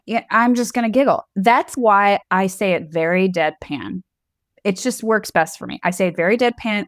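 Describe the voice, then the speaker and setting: A woman's voice: medium pitch, dry recording, studio quality. A woman co-hosting a podcast in casual chat, candid and playful, often laughing. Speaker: podcast co-host.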